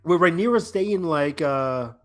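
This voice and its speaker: Excitable guy with a slightly high voice rambling about a tv episode, faint music underneath. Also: unhurried. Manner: animated, rambling, many restarts and acted-out quotes. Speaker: podcast co-host. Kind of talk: casual TV recap chat.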